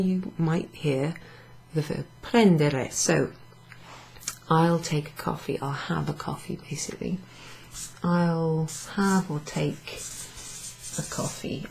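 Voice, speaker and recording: A woman's voice: low voice, vocal fry, darkish tone, a little hiss or hum, low-quality recording. A tired woman teaching a casual language lesson, explaining patiently while writing examples on a board. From Wales.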